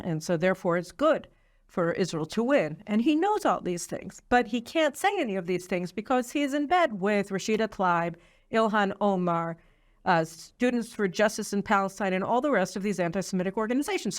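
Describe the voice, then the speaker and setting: Opinionated woman hosting political commentary. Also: medium pitch. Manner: opinionated, many "you know" fillers. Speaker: host.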